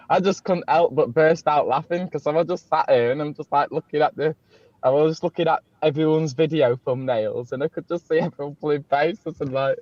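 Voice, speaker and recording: A man with a fairly high voice, talking on a video call as a guest. He keeps laughing, chats freely and swears often. The audio is dull, dry and lo-fi. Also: moderate pace, a little mellow, no echo. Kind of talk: casual drinking banter.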